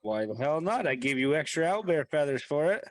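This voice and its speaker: A man playing his character in a tabletop game, gruff and swearing freely. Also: a little high, very animated, a little fast, no echo. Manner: gruff and foul-mouthed. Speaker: player. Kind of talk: in-character tabletop role-play.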